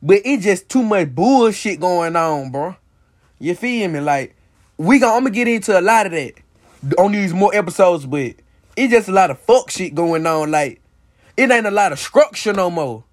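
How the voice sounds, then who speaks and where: A young man with a high voice holds forth on his own podcast. He talks bluntly, heated and insistent, swearing freely and tossing in "bro" and "you feel me" to drive each point home. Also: expressive, moderate pace. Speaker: podcast host. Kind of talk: casual solo podcast rant.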